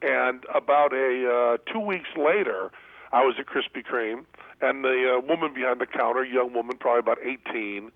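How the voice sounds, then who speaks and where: A gravelly-voiced man speaking as a radio guest over a tinny phone line. He tells his stories with dry, deadpan humor, and the sound is close and dry. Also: medium pitch, normal speed, no room sound. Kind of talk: casual phone interview storytelling.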